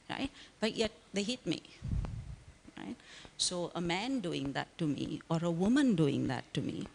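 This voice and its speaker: Emphatic woman, reverberant hall. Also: medium pitch. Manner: emphatic, keeps asking "right?". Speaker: guest, counselor. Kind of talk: conversational interview answer. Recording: long reverb.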